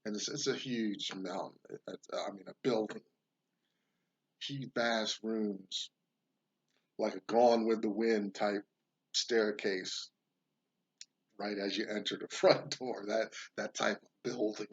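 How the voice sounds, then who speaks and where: A man's voice: fairly low pitch, steady tone, takes it slowly, pauses often, slightly rough, lo-fi sound. A man hosting a casual monologue, rambling into a folksy parable and now and then doing voices for its characters. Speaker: podcast host.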